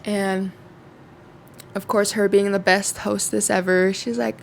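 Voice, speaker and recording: Young woman vlogger, gravelly, salty and chatty, mid-range pitch. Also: fairly even intonation, takes it slowly, long pauses, slight background noise. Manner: chatty, swearing freely, lots of fillers. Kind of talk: casual storytime.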